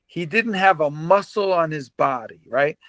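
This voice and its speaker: A man in his fifties, a former pro boxer, telling stories as a guest in a casual interview, animated and laughing often, with many repeated words. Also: fairly high pitch, normal speed, no echo.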